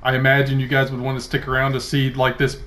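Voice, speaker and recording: A man's voice: mid-range voice, monotone, fast talker, fairly bright tone, a little hiss or hum. A man narrating a tabletop game as dungeon master, with many fillers and restarts. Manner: hesitant, filler-heavy narration. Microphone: console party chat.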